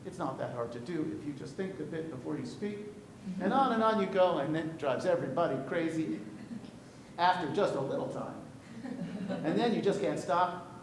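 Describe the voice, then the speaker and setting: A man teaching a class on poetry, lively and jokey, putting questions to his students. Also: normal speed. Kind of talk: classroom lecture on verse. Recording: echoey room with light rumble.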